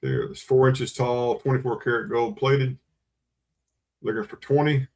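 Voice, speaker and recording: A man with a twang runs a live online sale. He calls and repeats the bids and keeps coaxing his viewers to join in. His voice sits at an ordinary middle pitch. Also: big pitch swings, measured pace, a little mellow. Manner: auctioneer patter, repeating bids and urging buyers. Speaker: livestream auction host. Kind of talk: live online auction selling.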